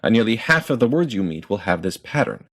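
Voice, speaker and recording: A man explaining pronunciation in a clear, methodical lesson and sounding out example words. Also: on the low side, sing-song, brisk, a bit bright. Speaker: language teacher.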